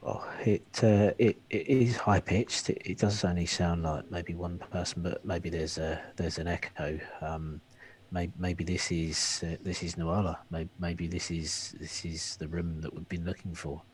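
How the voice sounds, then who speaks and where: A man's voice: sits low, flat delivery, measured pace, few pauses, a little mellow. A man playing a tabletop game, talking tentatively with frequent stammers. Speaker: player.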